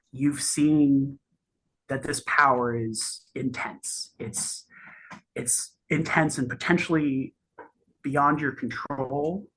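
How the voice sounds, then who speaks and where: Husky-voiced game master narrating a tabletop game, stop-start delivery. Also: mid-range voice, fairly bright tone. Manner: halting, full of restarts and fillers.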